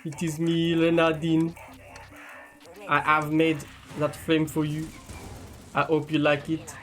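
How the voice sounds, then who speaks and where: A man's voice: on the high side, completely flat delivery, takes it slowly, a bit bright, faint music behind. A man doing a hammy mock French accent as an earnest, sweet-natured man. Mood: sweetly earnest.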